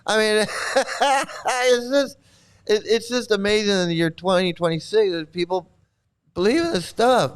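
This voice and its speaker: A man's voice: sits high, unhurried, clean tone. A man hosting a live commentary stream, mocking and sarcastic as he reacts to chat comments, rambling with frequent restarts. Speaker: channel host.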